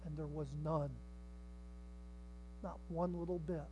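Older guy preaching, goes quiet then suddenly yells, does little voices for people. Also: fairly high pitch, flat delivery, unhurried, slight background noise, poor audio. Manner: dramatic, swings from hushed to shouting, acts out voices. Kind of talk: sermon.

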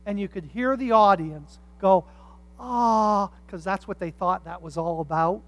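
A pastor preaching a sermon, telling stories with humorous asides and swinging from quiet reflection to loud emphasis. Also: mid-range voice, moderate pace. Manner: animated storytelling with humorous asides.

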